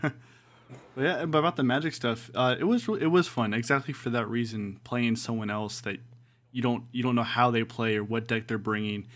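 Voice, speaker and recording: Regular guy cohost, mid-pitched, easygoing and chatty. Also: a little fast, fairly bright tone. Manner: easygoing, chatty, enthusiastic about games. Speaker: podcast co-host. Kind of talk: casual chat.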